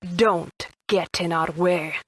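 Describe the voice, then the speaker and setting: Sniper Wolf, a man voicing a husky, purring woman sniper. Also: high voice, fairly even intonation, a bit bright, no room sound, studio quality, pitched above the performer's own voice, heavily acted. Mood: taunting. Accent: Middle Eastern. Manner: slow, taunting, drawn-out delivery. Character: seductive ruthless female sniper, adult woman. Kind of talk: audiobook character voice.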